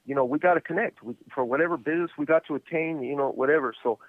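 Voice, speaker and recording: A man hosting a podcast, telling stories in a relaxed, rambling way full of "you know.". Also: fairly high pitch, very fast, no echo. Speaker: podcast host. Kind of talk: casual storytelling chat. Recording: tinny phone line.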